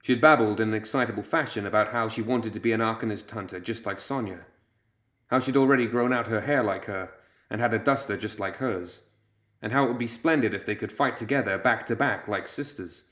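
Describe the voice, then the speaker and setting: A man reading a story aloud as audiobook narrator, measured and steady. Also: on the low side, echoey room.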